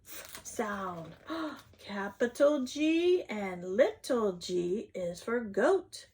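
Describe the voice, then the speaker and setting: A woman reading an alphabet picture book aloud to young children, sounding out each letter and gasping with delight when she lifts the flaps. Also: mid-range voice. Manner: slow, sing-song phonics sounding out, gasps at flaps. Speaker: children's read-aloud host.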